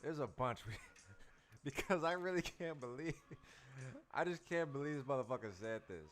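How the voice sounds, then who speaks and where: A male livestream host who teaches dance talks to his chat in a loose, slangy way and circles back to the same phrases. His voice sits at a middling pitch for a man. Quiet music plays underneath. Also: expressive, moderate pace. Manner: loose, slangy, repeats phrases, addresses viewers.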